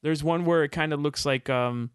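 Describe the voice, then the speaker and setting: A man chatting casually as a podcast co-host, animated and full of fillers. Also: fairly high pitch, clean tone, dry recording, clean studio sound. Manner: animated, talks in quick bursts with many fillers. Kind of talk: casual chat about movies.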